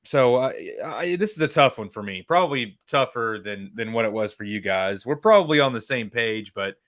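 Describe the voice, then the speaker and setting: A man's voice: mid-range voice, lively intonation, normal speed, a bit bright, dry recording. A laid-back man co-hosting a casual movie livestream, thinking aloud with easy swearing and plenty of fillers. His voice sounds dry and close, with no room around it. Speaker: podcast co-host.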